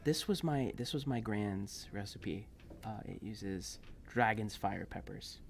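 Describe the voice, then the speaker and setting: Sweet teasing halfling cook lady, a man putting her on, slow and soft. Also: lowish voice, gravelly, slight background noise. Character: cheerful small halfling cook woman.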